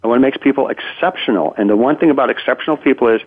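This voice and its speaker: A man's voice: medium pitch, quick pace, breathy edge. A man in his fifties, a guest telling stories in an interview, acting out quotes with frequent stammered restarts. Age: 50s. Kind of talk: conversational interview. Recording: tinny phone line.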